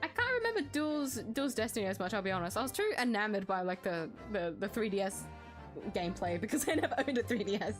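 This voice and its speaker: A woman's voice: medium pitch, sing-song, fast talker. A woman streaming a game live, reading the dialogue aloud and chatting, giggly and self-mocking. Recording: background music.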